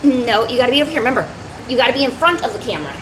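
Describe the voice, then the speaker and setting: A woman's voice: on the high side, big pitch swings, racing, noisy background. A woman chatting casually on her art live stream, talking to viewers and cooing at her cat between drawing. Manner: chatty, coos baby talk to her cat.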